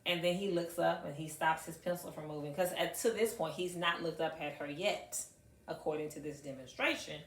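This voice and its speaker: A middle-aged woman who teaches high school math tells stories to an audience at a moderate pace. She is emphatic, repeats phrases for effect and acts out dialogue, recorded in an echoey room with the mic at a distance.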